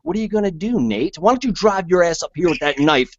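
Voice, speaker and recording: A man in a heated podcast argument, cursing and taunting with shouted threats. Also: sits high, animated, fast talker, few pauses, no echo. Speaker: podcast guest. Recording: dull lo-fi sound.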